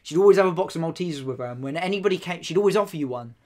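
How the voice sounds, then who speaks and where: A man's voice: fairly high pitch, expressive, racing, darkish tone. A man co-hosting a podcast, rambling through crude stories in casual banter and swearing freely. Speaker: podcast co-host.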